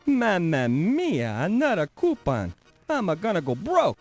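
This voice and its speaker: A man's voice: high-pitched, huge pitch swings, unhurried, a little mellow, faint music behind, heavily acted. An actor playing a pushy, grumpy male street sandwich vendor with a thick Italian accent and broken grammar, in 1990s adventure game voice acting. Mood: grumbling. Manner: pushy hawking sales patter.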